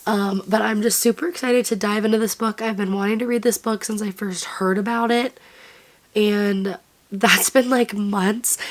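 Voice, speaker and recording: Brief: woman, 20s, book vlogger, casual rambling chat, plenty of fillers. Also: medium pitch. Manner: chatty and rambling, full of "like" and "literally".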